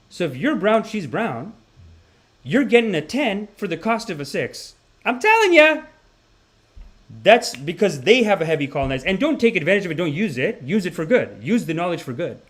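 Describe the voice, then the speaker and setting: A man hosting a comedy podcast, riffing in an animated, rambling monologue. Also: fairly high pitch, breathy edge. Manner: animated, rambling, swings between voices. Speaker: podcast host.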